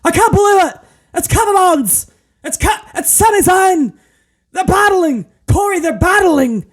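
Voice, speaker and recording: A man doing a mocking impression of a male wrestling commentator who yells in choppy spurts. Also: very high-pitched, animated, unhurried, pitched above the performer's own voice. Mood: frantic shouting. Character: frantic male wrestling commentator shouting in bursts.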